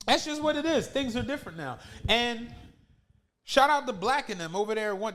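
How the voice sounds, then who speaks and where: A man's voice: high-pitched, pushed and bright. A man co-hosting a podcast, chatting in a laid-back, profane way and putting on the voices of people in his stories. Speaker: podcast co-host. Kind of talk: casual chat.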